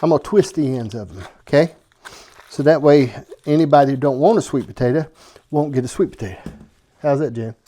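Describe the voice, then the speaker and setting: A man's voice: medium pitch, a little fast, dark tone, slight background noise. A man hosting a cooking show from his home kitchen, chatting casually and joking with the person filming him. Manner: folksy, joking, keeps asking "okay?". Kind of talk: casual kitchen chat to camera.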